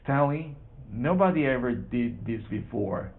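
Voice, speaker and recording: A man voicing an eager middle-aged boat skipper, reading his lines haltingly with excited shouts. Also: medium pitch, close to an everyday voice. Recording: tinny phone-like sound.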